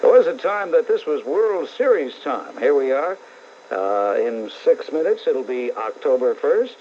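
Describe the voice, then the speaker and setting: This middle-aged host with a New York accent has a medium-pitched, sing-song voice and a measured pace, with a little hiss or hum on the muffled old AM radio tape. Blunt and sarcastic, he runs a call-in talk radio show and rants at callers and listeners.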